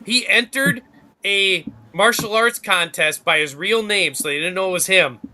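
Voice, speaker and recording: Bright, high-voiced excitable man. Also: moderate pace. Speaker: podcast guest. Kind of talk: casual chat.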